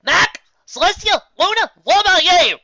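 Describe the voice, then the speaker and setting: A fan fiction reader voicing a brave wife who fights in battle, shouting urgently. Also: very high voice, animated, moderate pace, vocal fry, no room sound, dull audio, pitched above the performer's own voice, heavily acted.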